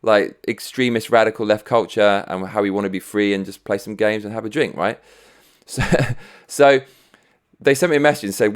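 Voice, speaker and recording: A man's voice: on the low side, normal speed, clear, resonant tone. A man hosting his own vlog, ranting to camera in a swearing, sarcastic, chuckling way from his home studio. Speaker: vlogger host. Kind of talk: casual profane rant to camera.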